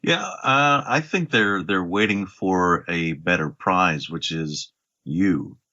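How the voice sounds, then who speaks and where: A man's voice: deep voice, slow pace, pushed and bright, highs cut off. A man co-hosting a podcast, chatting casually about a game in an easygoing way, hedging with fillers. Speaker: podcast co-host.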